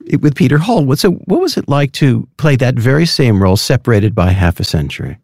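A man's voice: mid-range voice, big pitch swings, fairly quick, a little mellow, no room sound, studio quality. A man interviewing a guest, asking curious, probing questions.

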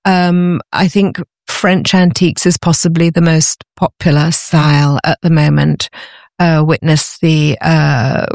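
Woman, gravelly, dry close sound, enthusiastic interview guest. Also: low voice, fairly even intonation, measured pace, darkish tone, no room sound. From Britain. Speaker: podcast guest, antiques business owner. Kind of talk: conversational interview.

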